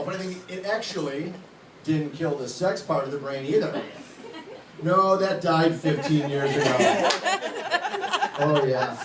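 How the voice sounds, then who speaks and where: A man in his late thirties doing a stand-up comedy set on a club stage, joking bluntly and crudely at his own expense. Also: on the high side. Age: late 30s. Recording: echoey room, distant mic, loud background noise.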